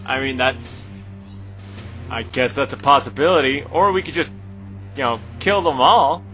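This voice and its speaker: Laid-back man with a bright voice. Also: medium pitch, animated, unhurried, soft background music. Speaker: player. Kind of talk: tabletop role-play chat.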